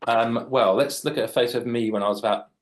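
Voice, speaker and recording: A man's voice: medium pitch, steady tone, quick pace. A man, a children's author chatting and joking as he draws live for young readers. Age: late 40s. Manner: chatty, jokey, explains while drawing. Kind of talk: live drawing demonstration for children.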